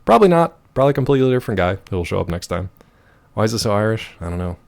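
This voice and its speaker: A male game streamer casually telling a story to his chat, animated and laughing often. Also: fairly low pitch, very fast, vocal fry. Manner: animated, laughs often, swings loud and quiet.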